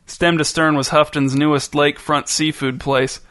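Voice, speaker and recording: A man reading a story aloud in a measured, deadpan narration. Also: a little high, no echo, studio quality. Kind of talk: scripted narration.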